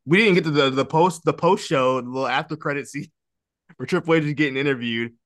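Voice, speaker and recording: Hyped dude chatting on a podcast, laughs a lot, curses, dead dry mic. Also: male voice, on the high side, fairly quick, dry recording. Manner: excited, laughing, swearing, acts out quotes. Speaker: podcast co-host. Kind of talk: casual chat.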